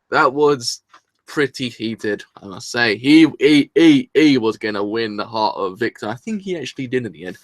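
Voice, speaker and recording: A man doing a live reaction review from his room, rambling excitedly and swearing casually, with a sore throat. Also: medium pitch, normal speed, dry recording. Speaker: anime reviewer.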